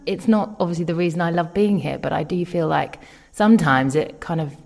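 A woman's voice: fairly low pitch, fairly quick, vocal fry, a little mellow. A woman in a casual chat, rambling candidly with many fillers. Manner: rambling, fillers, self-aware.

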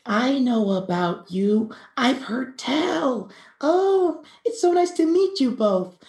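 A woman voicing a gentle, polite female bush baby spirit in a tabletop role-play, talking in a hesitant, apologetic way. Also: high-pitched, expressive, slow pace, exaggerated voice. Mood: chatty. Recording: roomy echo.

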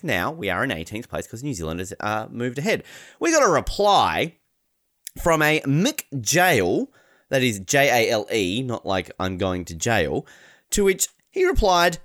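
A man's voice: mid-range voice, a bit bright, no echo, studio quality. An Australian man co-hosting a casual podcast, ranting and swearing while he mimics other people. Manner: ranting, swearing, mocking voices. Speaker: podcast co-host.

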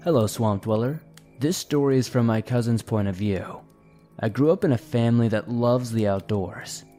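A man narrates scary stories sent in by listeners, his voice dark and mellow. He slows right down and goes quiet at the eerie moments. Faint music plays underneath. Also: on the low side. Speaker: horror story narrator.

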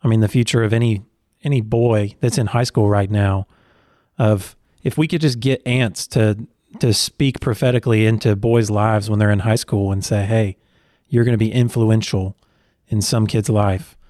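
A man hosting an interview, reacting enthusiastically and talking in quick bursts. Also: lowish voice, fairly even intonation, mellow, no room sound, clean studio sound. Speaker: host. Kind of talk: casual interview chat.

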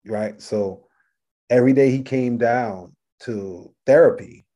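A middle-aged man, a rapper guesting on an interview, telling animated stories, acting out voices and swearing freely. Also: mid-range voice, slow pace. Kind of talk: casual storytelling interview.

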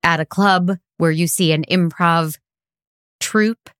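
A woman's voice: fairly low pitch, steady tone, slow pace, a bit bright, clear, resonant tone, no room sound, studio quality. A woman co-hosting a comedy podcast over a video call, explaining improv games in a wry, playful way. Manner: wry, game-leading, playful. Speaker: podcast co-host. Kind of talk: casual comedic chat.

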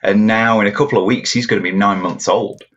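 A man with an English accent, a guest on a casual podcast, talking in a relaxed way and chuckling often. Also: fairly low pitch, brisk, highs cut off. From England. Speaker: guest musician.

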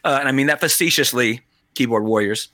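A man's voice: mid-range voice, a little fast, pushed and bright, no room sound, studio quality. A man co-hosting a podcast, chatting casually about movies in a rambling way, full of restarts and fillers. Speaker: podcast co-host.

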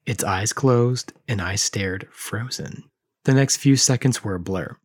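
A man's voice: fairly low pitch, measured pace, dry recording, clean studio sound. A man co-hosting a podcast, reading a spooky story aloud and then chatting casually. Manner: dramatic storytelling, drops to a whisper for spooky bits. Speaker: podcast co-host.

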